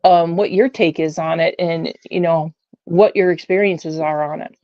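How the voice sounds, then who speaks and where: A woman guest telling her experiences in a casual, rambling way, full of fillers and animated retellings. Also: fairly low pitch, normal speed, dry recording, lo-fi sound. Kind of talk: casual storytelling on a call-in show.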